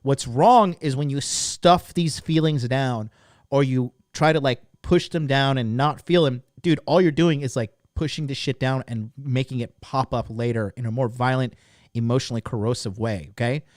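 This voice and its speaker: A man's voice: medium pitch, normal speed, dry recording, clean studio sound. A man in his thirties hosting a podcast, talking casually, bluntly and with lots of swearing and filler words. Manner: blunt and profane, full of "like" fillers; animated and emphatic. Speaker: podcast host. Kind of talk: casual monologue promoting a course.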